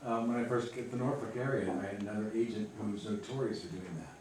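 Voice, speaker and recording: A woman's voice: very deep voice, fast, a little mellow, distant mic, slight background noise. A woman in the class recounting an experience from her work. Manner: telling a story from her work. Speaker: class participant. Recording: echoey room recorded from afar.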